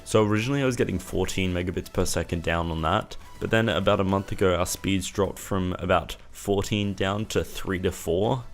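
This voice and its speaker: A man's voice: low voice, fairly quick, hardly any pauses. A young man vlogging, ranting in an exasperated, casual way and swearing now and then. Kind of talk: casual rant to camera.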